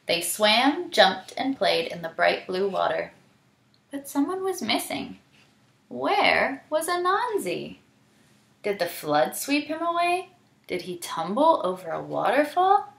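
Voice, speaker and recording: A woman teacher reading a picture book aloud to children, animated and stopping to ask them questions. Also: mid-range voice, slow pace, gravelly. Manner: animated, asks the listener questions. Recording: roomy echo.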